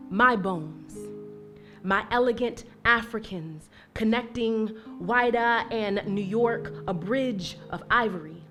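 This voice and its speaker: A young woman from Maryland with an American accent, performing spoken word poetry with rhythmic, emphatic recitation and soft, hesitant spoken introductions at an indoor live event. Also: on the high side, takes it slowly, over music. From Maryland, USA. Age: young adult. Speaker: poet.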